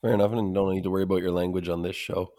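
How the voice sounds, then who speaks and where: A man hosts a casual interview in a relaxed, encouraging way. His voice sits fairly low, and he keeps things friendly, often saying "man". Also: rapid-fire. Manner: laid-back, encouraging, says "man" often. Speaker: podcast host.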